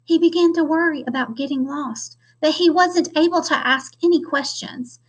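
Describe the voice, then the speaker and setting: An elementary school teacher, a woman, reading a children's chapter book aloud with expressive storytelling. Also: sits high, normal speed, few pauses.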